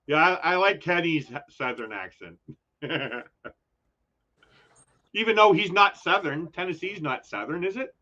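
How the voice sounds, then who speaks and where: A man's voice: high-pitched, expressive, unhurried, pauses often, sharp tone, muffled recording. An older man with a New York accent, chatting casually as a guest on a livestream and laughing often.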